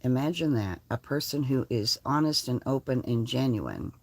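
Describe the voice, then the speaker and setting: Profane, animated older woman vlogger. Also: extremely low pitch, moderate pace, no room sound. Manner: blunt, profane, animated storytelling. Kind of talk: casual chat. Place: lives in a converted school bus.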